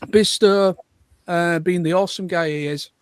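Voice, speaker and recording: An English man co-hosts a casual livestream chat, rambling earnestly with lots of fillers. His voice sits high, and the sound is dry and close. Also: fairly even intonation, normal speed, clear, resonant tone, no echo. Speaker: livestream co-host.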